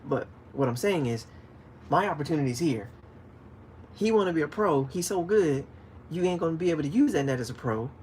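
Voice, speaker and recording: A man hosting a casual fishing livestream, chatting with viewers and acting out stories with sudden loud calls. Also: a little high, fairly quick, slight background noise. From DC, Maryland, Virginia area. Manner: animated storytelling, acts out shouted calls. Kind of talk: casual livestream chat, reading viewer comments.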